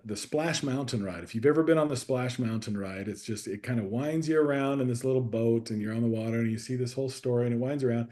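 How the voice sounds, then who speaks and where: A man guest on a conversational podcast, sharing a personal story in a reflective, steady way that grows animated at times. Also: medium pitch. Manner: reflective, warm storyteller who gets animated in anecdotes. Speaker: guest coach.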